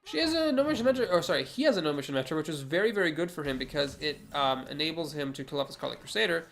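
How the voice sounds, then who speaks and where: A man's voice: on the high side, lively intonation, very fast, creaky, fairly bright tone, slight background noise. A man with a cold, sounding nasal, talking through his card game moves aloud as a streamer. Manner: analytical, talks through each move aloud. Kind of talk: casual gameplay commentary.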